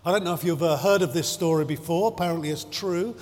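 A man preaching a sermon in a measured, emphatic way, drawing out his phrases and stressing key words. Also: a little high, darkish tone. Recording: long hall reverb.

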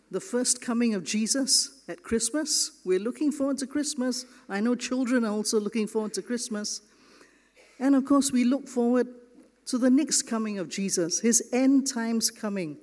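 A man preaching a sermon as pastor, slow and earnest, leaning hard on key words in a church. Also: very high-pitched, a little mellow. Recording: long reverb of a large hall.

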